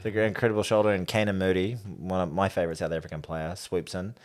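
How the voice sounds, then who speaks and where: A man's voice: deep voice, little pitch movement, quick pace. A man, co-hosting a casual podcast chat, rambling and laughing as he talks. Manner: rambling, trails off mid-sentence, laughs while talking. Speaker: podcast co-host.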